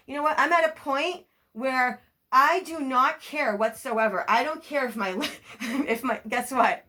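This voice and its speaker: A woman giving a casual tarot reading to her viewers, talking in an excitable, rambling way full of asides and apologies. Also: high-pitched, unhurried. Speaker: tarot reader. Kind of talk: casual spiritual reading to camera.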